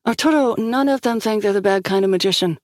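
A woman's voice: mid-range voice, fast, darkish tone, no room sound, studio quality, voice pushed up, lightly acted. A woman voicing a stern female commander who speaks firmly in clipped lines.

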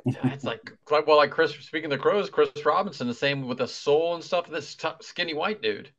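Co-host, man, slightly high voice, laid-back, dull lo-fi line. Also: fairly quick, fairly bright tone. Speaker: podcast co-host. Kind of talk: casual podcast chat. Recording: dull lo-fi audio.

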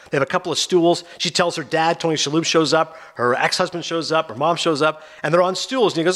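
A man hosting a podcast, rapidly and animatedly retelling a TV finale in a casual chat. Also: on the high side, fairly bright tone. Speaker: podcast host. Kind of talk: casual TV recap.

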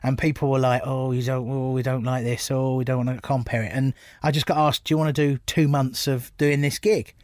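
A middle-aged man from England, telling stories from his stand-up career in an animated, laughing way. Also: mid-range voice, a little fast, few pauses, no echo, studio quality. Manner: animated storyteller, laughs often. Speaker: comedian guest. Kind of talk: casual anecdotal chat.

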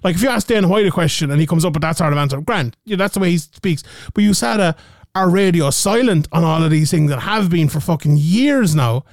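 High-voiced man ranting. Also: brisk, no room sound, clean studio sound. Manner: animated, ranting, swears freely. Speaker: podcast co-host. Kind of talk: casual podcast chat.

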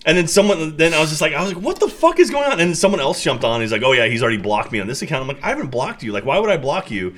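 Podcast co-host: man, quick lively delivery, indignant storyteller. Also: fairly high pitch. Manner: animated, indignant storyteller, swears. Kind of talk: casual chat.

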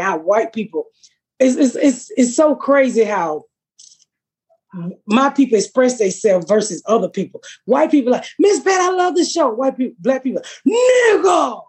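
A woman tells profane, animated stories on a podcast. Her voice is a little husky, and she keeps slipping into other people's voices as she talks. It sounds like easy, casual chat. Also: on the high side. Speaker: podcast host, comedian.

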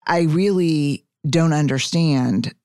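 Woman host from texas, deep voice, dry close sound, earnest and halting. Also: warm tone, smooth, no echo. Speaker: podcast host. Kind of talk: conversational interview.

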